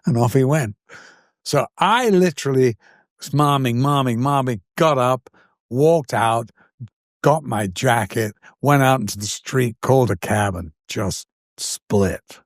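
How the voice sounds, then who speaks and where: An older man with an English accent, an actor and interview guest, telling anecdotes in an animated way and acting out the voices of the people in them. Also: mid-range voice, a little slow, dry recording, clean studio sound. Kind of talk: anecdotal storytelling.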